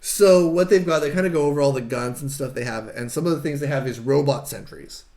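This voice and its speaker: Animated man recapping a movie. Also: on the high side, quick pace. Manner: animated retelling, shouting out characters' lines. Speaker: podcast host. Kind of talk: casual movie recap chat.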